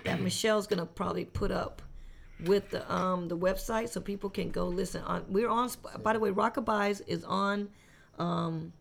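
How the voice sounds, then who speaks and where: A woman hosting a podcast in casual chat, enthusiastic and full of quick restarts. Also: mid-range voice, fairly even intonation, gravelly. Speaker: podcast host.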